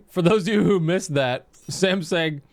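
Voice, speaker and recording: A man with a somewhat high voice chats in a gaming call with friends. He sounds incredulous and laughs easily, dropping the odd swear. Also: unhurried, no echo. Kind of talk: casual gaming chat.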